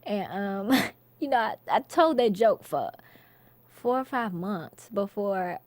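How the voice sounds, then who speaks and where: A woman's voice: mid-range voice, animated, slow, darkish tone, no echo. A woman comedian, chatting casually in an interview and laughing often. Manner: laid-back, laughs often, storytelling. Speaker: comedian guest.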